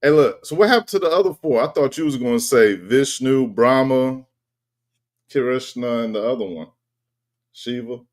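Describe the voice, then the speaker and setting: A man's voice: medium pitch, normal speed, darkish tone. A male host in casual chat, blunt and joking, with plenty of slang.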